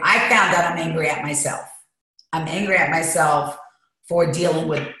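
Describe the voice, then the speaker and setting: A woman being interviewed speaks in a slightly low, earnest voice, confessional and emphatic, pressing hard on what matters to her. She is recorded in a treatment center, and a heavy room echo hangs on every word. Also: fairly bright tone. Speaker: interview guest. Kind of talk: candid interview talk. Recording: very echoey room.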